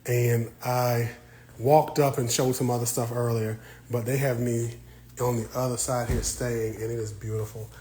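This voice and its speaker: A man's voice: mid-range voice, little pitch movement, normal speed, mellow, a little hiss or hum, rough recording. A man hosting a casual live stream from inside a library, talking with viewers in a playful, teasing way. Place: indoor library.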